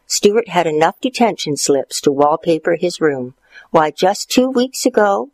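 A man narrating a storybook in a playful, expressive way, lifting his voice for the characters. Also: a little slow, dry recording, poor audio. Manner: playful, expressive, jumps higher for character quotes.

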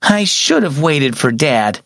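A man's voice: on the high side, sing-song, takes it slowly, creaky, a bit bright, no room sound, studio quality, heavily acted. A man voicing an impatient young boy who pleads earnestly in a children's audio story.

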